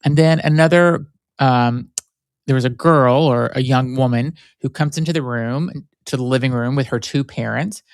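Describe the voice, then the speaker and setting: A man's voice: medium pitch, normal speed, no room sound, studio quality. A man hosting his own podcast alone, telling stories in a rambling, conversational way full of "like" fillers. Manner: rambling storyteller, frequent "like" fillers. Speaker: podcast host. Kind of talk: solo conversational podcast talk.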